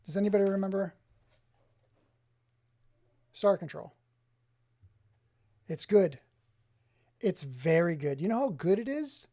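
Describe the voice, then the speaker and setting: A man streaming live from his home office, chatting excitedly with viewers and exclaiming often. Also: high-pitched, slow, long pauses. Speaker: streamer showing his game collection. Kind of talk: casual live-stream chat.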